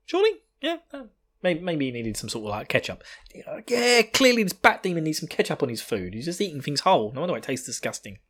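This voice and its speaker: A man's voice: a little high, quick pace. A man co-hosting a podcast, recapping an anime episode in a casual, profane way and laughing often. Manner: laughing, profane, animated retelling. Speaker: podcast co-host.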